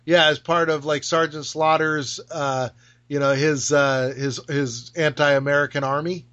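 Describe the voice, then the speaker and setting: A man with a fairly high voice, chatting casually as a podcast co-host. He tells stories with energy, slips into remembered dialogue and laughs as he goes. The audio sounds a little muffled. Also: a little slow. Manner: animated storyteller, acts out remembered dialogue, laughs often. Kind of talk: casual chat about pro wrestling history.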